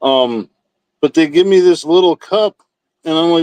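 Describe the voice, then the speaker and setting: A man's voice: a little high, normal speed, a little mellow, clear, resonant tone, no echo, poor audio. A man hosting a livestream, chatting casually with viewers in a rambling, profane, laid-back way. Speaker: livestream host. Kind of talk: casual chat with live chat.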